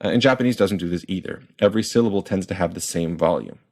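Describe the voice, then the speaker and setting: A man explaining pronunciation in a clear, methodical lesson and sounding out example words. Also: low-pitched, fast, darkish tone. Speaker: language teacher.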